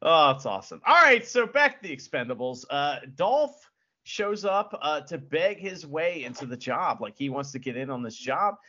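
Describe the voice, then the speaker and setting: Lively, bright-voiced man gushing about films. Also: on the high side, moderate pace, muffled recording. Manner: excitable, profane, laughs often. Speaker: podcast co-host. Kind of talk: casual film review chat.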